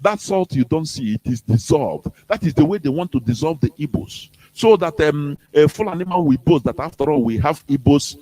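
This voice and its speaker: A Nigerian man hosts a radio talk and lectures his listeners. His pitch climbs and drops all over as he drives his points home, and he breaks into laughs between them. His voice sits a little high for a man. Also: expressive, normal speed, few pauses, warm tone. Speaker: radio host.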